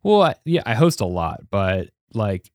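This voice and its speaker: A man hosting a podcast, chatting casually and easily, often tossing in quick agreeing fillers. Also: on the low side, sing-song, darkish tone, no room sound, clean studio sound. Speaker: podcast host.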